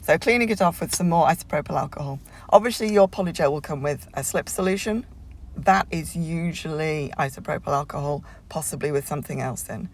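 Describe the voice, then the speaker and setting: A woman's voice: sits low, fairly quick. A woman talking through a home nail tutorial as a casual voiceover, chatty and rambling, with plenty of fillers and restarts.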